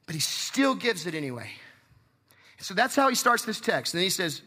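Male pastor, high bright voice, passionate sermon delivery. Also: sing-song, normal speed. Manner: passionate preaching, acting out the story's voices.

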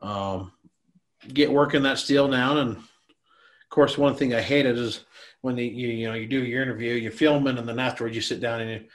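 A man's voice: medium pitch, steady tone, normal speed. Rambling, cussing middle-aged man. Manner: rambling, laughing, swears freely. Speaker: guest on a podcast. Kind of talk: casual storytelling chat.

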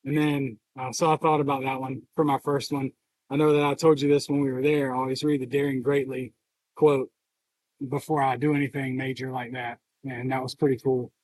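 A man co-hosting a podcast who talks in a reflective, halting way and is emotional and near tears. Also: mid-range voice, level tone, darkish tone, no room sound, poor audio. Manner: reflective, halting, open about feelings. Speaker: podcast co-host. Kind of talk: casual podcast conversation.

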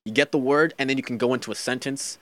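A young man chatting casually as a guest, animated, with lots of filler words and quoted voices. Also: mid-range voice, fast talker, no room sound. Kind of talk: casual podcast chat.

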